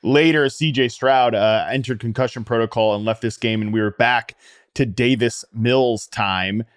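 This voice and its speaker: A man with a mid-range voice talks fantasy football fast and loose, often poking fun at himself. He tells stories with filler words and bursts of pace. The sound is dry and close to the mic. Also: mid-range voice, clean tone, dry recording. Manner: quick, self-mocking storyteller. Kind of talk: casual sports analysis chat.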